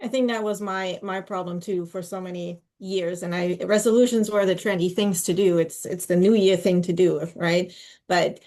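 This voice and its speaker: A woman's voice: lowish voice, steady tone, moderate pace, dark tone. A woman co-hosting a podcast, talking reflectively about her own experience with casual fillers.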